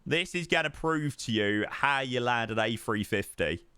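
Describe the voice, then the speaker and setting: A young man chats casually on a live stream, tired and yawning, rambling and sighing between thoughts. His pitch swoops and bounces with a bright, forward tone, and the sound is dry and close. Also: lively intonation, normal speed, clear, resonant tone, no room sound. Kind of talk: casual chat.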